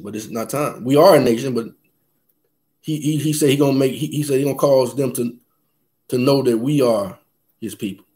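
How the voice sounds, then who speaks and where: A man's voice: mid-range voice, mellow. A man preaching and reading scripture aloud in a fervent, emphatic preaching cadence.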